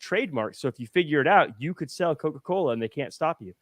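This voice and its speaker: A man's voice: on the high side, animated, quick pace, fairly bright tone, dry recording, studio quality. A man hosting a podcast in casual chat, playful and joking, laughing often. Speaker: podcast host.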